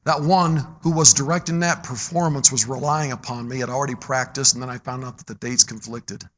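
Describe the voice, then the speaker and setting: A middle-aged man preaching a sermon, moving between loud, emphatic exhortation and low, quiet storytelling. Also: fairly even intonation, a little fast.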